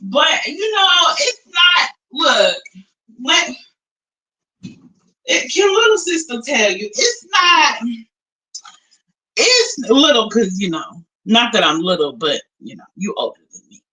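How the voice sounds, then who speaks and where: A young woman live streamer in casual chat, animated and talkative, switching between low mutters and loud outbursts. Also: slow, pauses often, low-quality recording. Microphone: phone.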